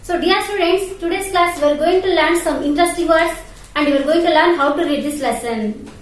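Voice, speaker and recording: Echoey woman teaching slowly. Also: very high-pitched. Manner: spells words letter by letter, frequent "okay?" checks. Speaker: primary school English teacher. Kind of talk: online class lesson. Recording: very echoey room, mic far off.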